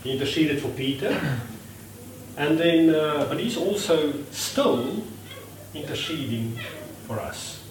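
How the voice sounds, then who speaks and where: A man's voice: a little high, slow pace, a little hiss or hum. Man preaching in an echoey church hall. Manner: conversational, acts out quotes with lively voices; self-deprecating, laughs at himself. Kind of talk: sermon. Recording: echoey room from a distance.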